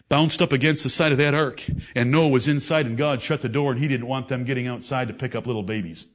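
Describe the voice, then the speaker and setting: A man delivers a fiery sermon in a confrontational, scolding manner. He swings from loud, raised declaiming to low, intense reasoning aimed straight at his listeners. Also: fairly even intonation, fast, few pauses. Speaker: preacher.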